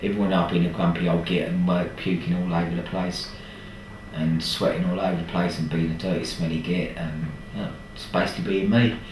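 A hospital patient's thank-you video to the staff is casual and full of playful, affectionate ribbing. His low voice barely moves in pitch and runs a bit fast, recorded on a distant mic in an echoey room with background noise.

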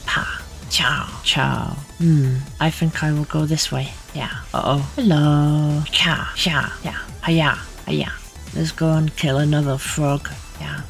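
A playful streamer talking slowly over a game into a desk mic, often dropping into whispered sound effects and strings of repeated filler words. Faint game music sits behind the voice. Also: mid-range voice, little pitch movement, gravelly. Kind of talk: casual gaming commentary.

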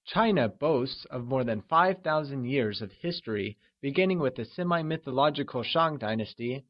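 A man narrating a scripted language lesson, upbeat and encouraging, drawing out modeled syllables slowly. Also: medium pitch, expressive, dull audio. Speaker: language teacher.

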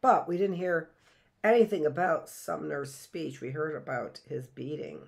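Chatty woman teacher, slightly low voice. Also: lively intonation, measured pace, creaky, darkish tone. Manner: chatty, thinks aloud with asides and rhetorical questions. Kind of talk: live online history lesson.

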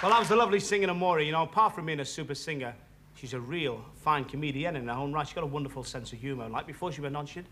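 A man's voice: fairly high pitch, rapid-fire, a crowd in the background. A man hosting a variety show, telling a joke in a chatty, jokey way before introducing the next act. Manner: chatty, jokey, lapses into posh mimicry. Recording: noisy broadcast with loud studio audience.

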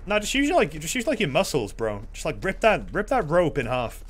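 A man's voice: a little high, wildly swooping pitch, brisk, fairly bright tone. A man streaming a horror game, commenting casually with sarcastic, exasperated swearing.

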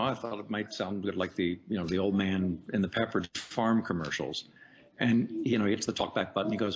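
Deep-voiced man telling career stories. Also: a little fast, slight background noise. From United States. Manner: chatty, animated anecdotes with playful voice impressions. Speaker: voice actor guest. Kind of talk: casual interview storytelling.

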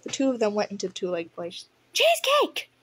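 A young woman casually reading a story aloud, giggling and reacting excitably to the plot as she goes. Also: mid-range voice, fast talker. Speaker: audiobook reader.

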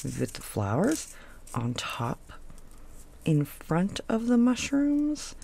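A woman's voice: medium pitch, wildly swooping pitch, slow, creaky, mellow, a little hiss or hum. A woman hosting a craft video, chatting casually as she works, thinking aloud, trailing off mid-sentence and cooing at her pieces. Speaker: crafting channel host. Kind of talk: casual craft tutorial chat.

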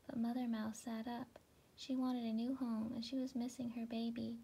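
A woman giving a relaxing reading of a children's storybook, narrating softly with some words in a whisper. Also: on the high side, level tone, moderate pace, gravelly, slightly rough, poor audio. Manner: soft, partly whispered narration. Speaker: storybook reader.

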